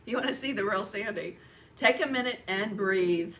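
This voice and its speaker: A woman's voice: mid-range voice, moderate pace, a bit bright, a little hiss or hum. A woman painting teacher chatting casually on her livestream, greeting viewers by name and laughing often. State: coughing, frog in her throat. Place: home painting studio.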